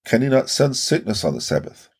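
A man reading as a solemn, gravelly teacher. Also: medium pitch, big pitch swings, fairly quick, voice pushed up, full character voice. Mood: rebuking. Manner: solemn, questioning rebukes. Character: earnest adult male teacher rebuking critics. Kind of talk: read-aloud religious narration.

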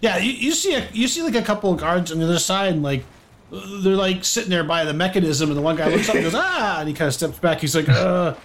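A man's voice: sits high, quick pace, noisy background. A man narrating as game master, loose and chuckling, with lots of fillers.

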